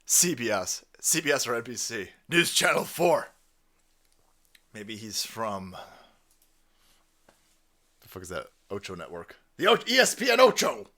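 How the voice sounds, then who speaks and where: A man's voice: medium pitch, sing-song, unhurried, long pauses, pushed and bright. A man giving crude, mocking reaction commentary, ranting and swearing. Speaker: online commentator.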